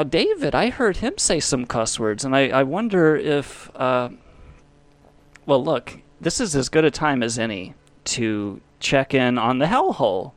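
A man's voice: a little high, no echo. A man hosting a podcast, talking in a rambling way that swings between jokey bits and heartfelt reflection. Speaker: podcast host. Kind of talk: casual podcast monologue.

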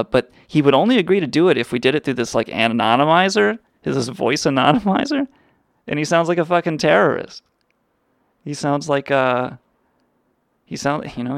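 A man's voice: medium pitch, gravelly, no room sound, clean studio sound. A man hosting a livestream, rambling in a crude, sarcastic way. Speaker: podcast host. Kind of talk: casual profane livestream chat.

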